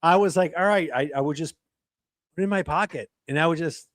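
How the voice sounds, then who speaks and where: A man talking as an interview guest, animated and laughing as he tells stories. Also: a little high, fast, no room sound. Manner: animated storyteller, laughs while telling. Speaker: podcast guest. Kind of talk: casual interview chat.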